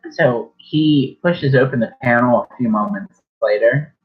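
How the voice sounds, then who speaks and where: A man's voice: medium pitch, a little slow. A man running a horror tabletop game as game master, rambling, self-correcting, swearing casually. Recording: dull lo-fi recording.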